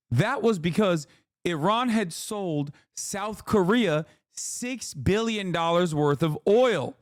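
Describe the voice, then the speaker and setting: A man's voice: high voice, no room sound, studio quality. A man streaming a reaction video, giving heated, sarcastic political commentary full of swearing.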